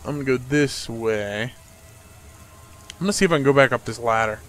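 A man's voice: mid-range voice, a little fast, a bit bright. A young man giving joking, sarcastic commentary while he plays a horror game. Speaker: gamer. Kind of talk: let's play commentary.

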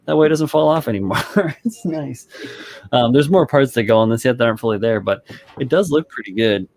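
A man's voice: mid-range voice, a little fast, a little mellow. A man hosting a casual hobby stream, chatting loosely and swearing offhandedly while he shows a model build. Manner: laid-back, rambling, swears casually. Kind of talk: casual chat on a group stream.

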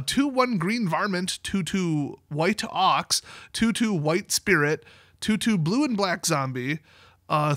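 A man casually commenting on card game previews, chatty and excitable, laughing often. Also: high-pitched, dry recording, clean studio sound.

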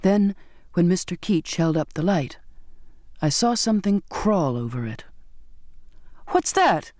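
A man narrating a novel in first person with a measured, expressive reading. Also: high-pitched, dry recording, studio quality. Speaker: audiobook narrator. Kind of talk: scripted narration.

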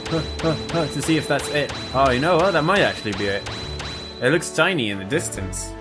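A man's voice: mid-range voice, sing-song, a little fast. A man giving casual, profane let's play commentary, joking and talking to himself as he plays. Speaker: gameplay commentator. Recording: game music loud behind.

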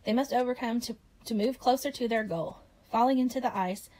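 A woman teaching story writing by reading example stories aloud in a clear, expressive way. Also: fairly high pitch, a little fast, poor audio.

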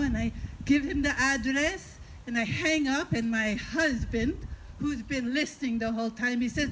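A woman performing a stand-up comedy story on stage, chatting with the audience and dropping deadpan asides. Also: high voice, moderate pace, slight background noise, rough recording.

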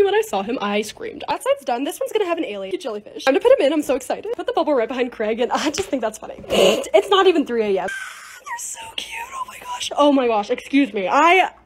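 A bubbly woman talks through her DIY and restock clips with quick, excitable energy. Her voice sits high and swings widely in pitch, and she pokes fun at herself along the way. A faint noise stays under the voice. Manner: bubbly, excitable, self-mocking. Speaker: lifestyle creator. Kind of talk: voice-over for short DIY and restock videos.

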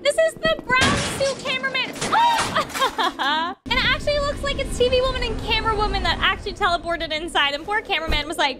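A woman hosting a reaction video, excitable and talking straight to her viewers, often gasping and giggling. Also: very high voice, brisk, few pauses. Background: loud background music.

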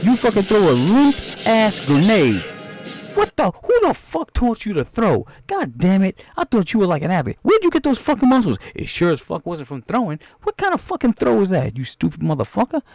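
A man's voice: medium pitch, lively intonation, fast, no room sound, studio quality, faint music behind. A man voicing a hot-tempered, foul-mouthed film director who bosses an actor around. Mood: furious. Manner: coaxing, then yelling insults.

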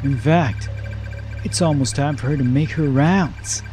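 A man reading a schoolgirl telling a ghost story aloud in a slow, hushed, spooky way. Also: on the high side, soft background music, pitched below the performer's own voice, natural voice. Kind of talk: reading game dialogue aloud.

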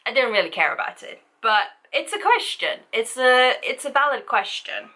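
A woman's voice: a little high, sing-song, moderate pace, pushed and bright. A woman vlogging a casual book review, rambling and chatty with lots of fillers.

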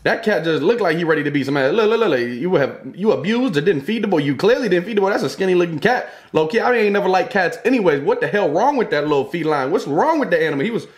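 A young man delivers casual reaction commentary on funny clips, talking quickly with few pauses in a high-pitched voice full of big pitch swings. He swears, exclaims and jokes constantly in heavy slang.

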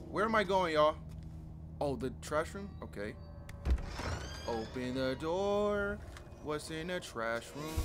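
A man's voice: a little high, lively intonation, takes it slowly, long pauses, music in the background. A young man commenting casually on a game he plays, loose and slangy as he reacts and reads text aloud. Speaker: gaming streamer. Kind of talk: casual let's-play commentary.

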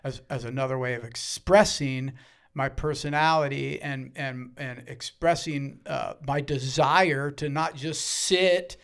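A middle-aged man, a guest musician, telling stories in casual chat, acting out quotes with loud bursts and swearing freely. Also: mid-range voice, measured pace, vocal fry, smooth.

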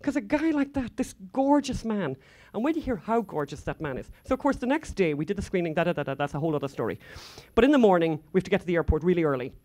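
A woman's voice: on the low side, lively intonation, quick pace, few pauses, darkish tone. Irish woman on a conference stage: chatty storyteller, digresses freely with fillers. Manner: chatty, rambling, frequent asides and fillers. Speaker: conference speaker. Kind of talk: anecdotal conference talk.

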